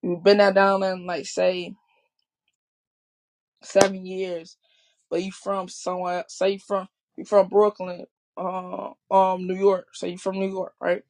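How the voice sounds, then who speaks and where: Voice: mid-range voice, monotone, unhurried. A speaker from Chicago with a Chicago accent, talking in a rambling, repetitive casual monologue. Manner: rambling, repeats and restarts often. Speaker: vlogger.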